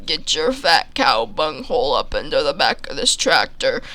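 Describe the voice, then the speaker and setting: A man voicing a bumbling male farmer who scolds in a slow, fussy drawl. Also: on the high side, wildly swooping pitch, pushed and bright, exaggerated voice. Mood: scolding.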